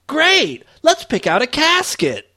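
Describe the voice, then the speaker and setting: A man's voice: very high voice, huge pitch swings, takes it slowly, bright, forceful tone, dry recording, studio quality, voice pushed up, exaggerated voice. A man voicing a cheerful, callous parent bargain-hunting for a cheap casket, in a breezy sing-song. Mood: chirpy.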